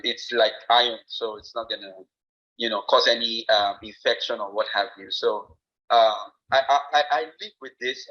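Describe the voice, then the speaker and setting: A man's voice: medium pitch, bright, forceful tone, dull audio. Earnest Nigerian man telling his story. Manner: earnest, reflective, many fillers and restarts. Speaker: podcast guest. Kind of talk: personal story told in conversation.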